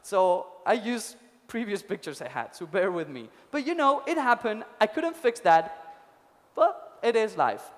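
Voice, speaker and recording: High-voiced man telling parables on stage. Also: very animated, unhurried, fairly bright tone. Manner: casual, swears, tells parables with acted quotes. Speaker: conference speaker. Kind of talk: storytelling talk. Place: conference stage. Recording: long hall reverb.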